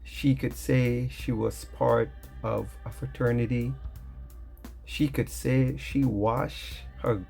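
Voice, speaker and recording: Very slow, gravelly-voiced man. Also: mid-range voice, fairly even intonation, a little mellow, soft background music. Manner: slow, emphatic, drawn-out phrasing. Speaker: commentator. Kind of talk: slow commentary over music.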